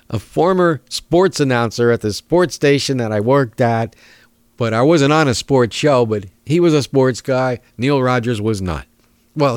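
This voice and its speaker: Chuckling sarcastic talk radio host. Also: male voice, medium pitch, no room sound.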